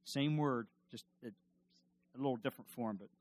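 A male pastor preaching a sermon emphatically, repeating his questions and swinging from loud to hushed. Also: medium pitch, moderate pace.

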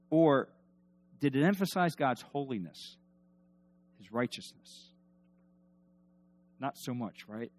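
A man preaching a sermon in an emphatic, animated way, asking the congregation to respond. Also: mid-range voice. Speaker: pastor.

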